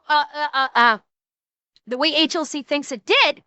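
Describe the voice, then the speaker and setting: A woman streamer talks through a video she is reacting to, thinking aloud as she goes. Her voice is high and bright, and she stops and restarts often with fillers. The sound is dry and close, with almost no room. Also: steady tone, measured pace, no echo. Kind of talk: casual react commentary.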